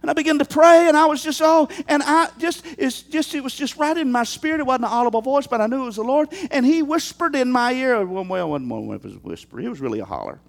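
A male pastor preaching a sermon in an animated way, throwing rhetorical questions at his congregation and calling out to them. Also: very high-pitched, fast, gravelly, few pauses.

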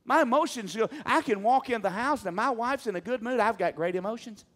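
A man's voice: very high-pitched, a little fast, a bit bright. A man preaching a sermon, talking emphatically and calling on the congregation to answer him. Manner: emphatic, calls on the congregation to respond.

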